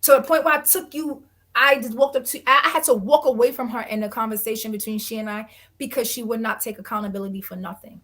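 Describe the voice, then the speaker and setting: A woman's voice: fairly high pitch, steady tone, fast, fairly bright tone. A woman animatedly retelling a reality-show conflict in an interview and acting out what others said. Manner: acts out other people's quotes with shifting voices. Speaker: reality show cast member, guest.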